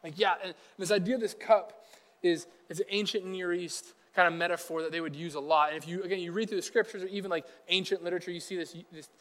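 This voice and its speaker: A man's voice: high-pitched, fairly even intonation, quick pace, fairly bright tone. A man preaching a casual, conversational sermon as pastor, chatty and acting out quotes from Bible figures in everyday speech.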